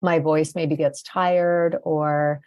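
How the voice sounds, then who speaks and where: A woman's voice: low voice, flat delivery, takes it slowly, a little mellow, clean tone, no room sound. A Canadian woman talking confidently and chattily as a podcast interview guest. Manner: chatty, confident, tags statements with "right?". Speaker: podcast guest, agency CEO.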